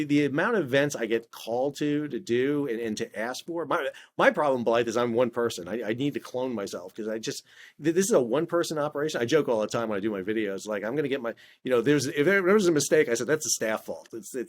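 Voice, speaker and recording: A middle-aged man speaking as an interview guest, telling lively anecdotes in a casual conversational way, often restarting his words. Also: mid-range voice. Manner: animated storyteller, frequent stammered restarts. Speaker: podcast guest, maritime historian.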